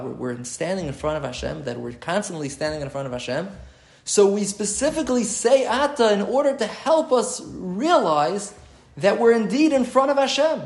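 A man's voice: high voice, vocal fry, roomy sound. A man giving a Talmud lesson, reading Hebrew quotes and then explaining them. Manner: explains texts aloud, reads Hebrew quotes then translates, repeats phrases. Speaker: Torah teacher. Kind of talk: Talmud lecture.

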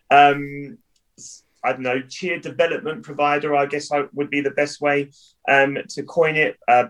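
A man with a southern English accent, a cheer coach guesting on a podcast, talking in a playful, lively way. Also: on the high side, poor audio. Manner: playful, lively, self-deprecating. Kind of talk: casual podcast chat.

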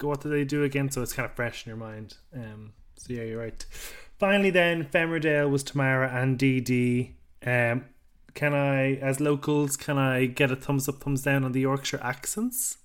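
A man's voice: mid-range voice, fairly bright tone, clean tone. A man from England hosting a podcast in casual chat. He speaks in a hesitant, thinking-aloud way and moves the talk on to new topics.

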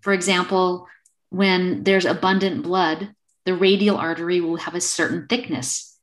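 A woman in her fifties, a podcast guest telling a personal story in a casual, animated way over a remote call. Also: fairly low pitch, measured pace. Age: 50s. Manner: animated, acts out quoted dialogue.

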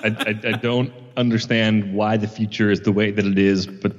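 A young man chatting as a podcast guest, halting and repeating words with a wry tone. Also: fairly low pitch, little pitch movement. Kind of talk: casual chat. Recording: dull echoey room.

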